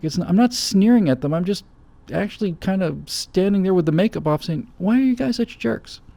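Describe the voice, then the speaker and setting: A man's voice: high voice, creaky, mellow, dry recording. A middle-aged man hosting a show, giving emphatic, blunt opinions in answer to viewer questions and acting out quoted voices. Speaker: host.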